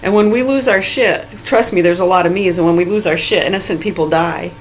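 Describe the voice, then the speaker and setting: A woman's voice: lowish voice, fairly quick, a little hiss or hum, rough recording. Swearing, ranting woman in her forties. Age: 40s. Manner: heated, swearing, rambling. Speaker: vlogger. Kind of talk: profane angry rant.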